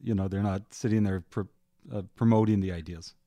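A man's voice: lowish voice, fairly even intonation, a little fast, mellow, no echo, highs cut off. A man hosting a casual podcast interview, joking and rambling with frequent laughs. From Manitoba, Canada. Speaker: podcast host.

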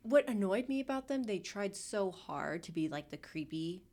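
A woman co-hosting a podcast, recounting a show in casual chat with lively quoted asides and some swearing. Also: medium pitch, moderate pace. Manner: animated storytelling, swearing, acting out quotes. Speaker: podcast co-host.

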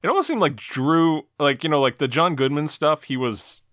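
A man hosting a podcast, casually talking through an old talk show episode with relaxed, filler-heavy chat. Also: fairly high pitch, moderate pace, dry recording, studio quality. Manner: relaxed, chatty, frequent fillers. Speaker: podcast host.

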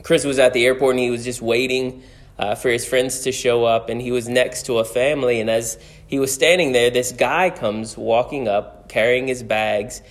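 A man's voice: medium pitch, fairly even intonation, moderate pace. A man preaching a conversational sermon as pastor, telling stories and repeating key phrases for emphasis.

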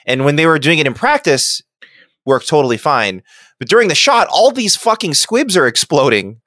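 A man chatting through a film commentary with a very lively, swinging pitch. He swears freely and laughs a lot. The sound is dry and close. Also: moderate pace, no echo. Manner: profane, animated, laughs often. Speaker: movie commentator. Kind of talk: casual movie commentary chat.

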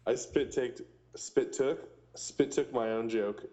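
A man's voice: medium pitch, slow pace, warm tone. A young man co-hosting a casual podcast, joking around and laughing often. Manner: jokey, laughs often, spells out handles. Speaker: podcast co-host. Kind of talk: casual chat.

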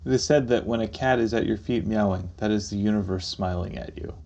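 A man's voice: fairly low pitch, brisk, vocal fry, mellow, highs cut off. A man co-hosting a podcast in casual chat, teasing and playful. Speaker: podcast co-host.

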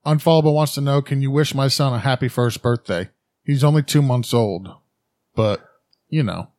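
A man co-hosting a podcast, briskly reading out listener questions with a joking manner. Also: medium pitch, a little mellow, no echo. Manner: reads questions briskly, jokes and laughs. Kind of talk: casual chat.

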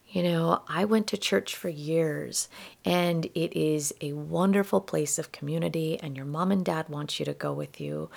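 Soft gravelly-voiced woman storyteller. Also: on the low side. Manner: soft-spoken, drops into whispers. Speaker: spiritual storyteller. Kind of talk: reflective personal storytelling.

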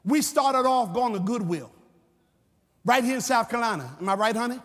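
Fervent man preaching, husky. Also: extremely high pitch, lively intonation, normal speed. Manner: fervent, shouting, repetitive. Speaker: pastor. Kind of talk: sermon. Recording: reverberant church hall with music.

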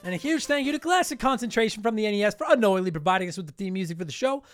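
A man's voice: sits high, expressive, very fast, fairly bright tone, no echo, studio quality, soft background music. A man hosting a gaming podcast, reading listener comments with a profane, sarcastic, laughing manner. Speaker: podcast host.

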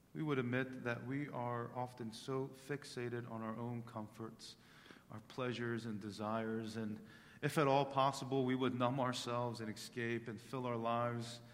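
A male pastor preaching a sermon during worship, rising to loud proclamation on scripture and sinking to soft, low tones in reflection. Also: a little hiss or hum. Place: church sanctuary. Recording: long reverb of a large hall.

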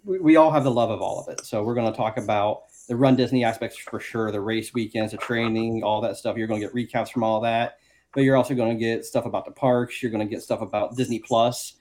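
A man co-hosting a casual podcast, upbeat as he lays out plans for the show. His pitch sits at an ordinary middle level. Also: steady tone, quick pace, darkish tone. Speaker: podcast co-host. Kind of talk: casual chat.

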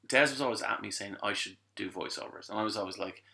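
A man's voice: on the low side, fast, gravelly, pushed and bright. A middle-aged Irish man, a guest who is a voice actor and musician, telling a story in a casual podcast chat and acting out the people he quotes.

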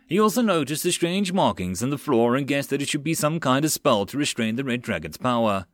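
A man narrating a web novel as an audiobook, steady storytelling. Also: medium pitch, fairly quick, no room sound.

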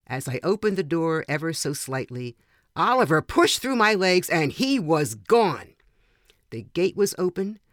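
A woman's voice: low voice, very animated, unhurried, no room sound, clean studio sound. Older woman reading her own dog story.

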